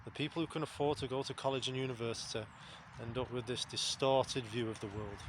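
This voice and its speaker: A man's voice: mid-range voice, steady tone, fairly quick, background noise. Blunt, sweary man. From England. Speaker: vlogger. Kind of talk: casual spoken monologue.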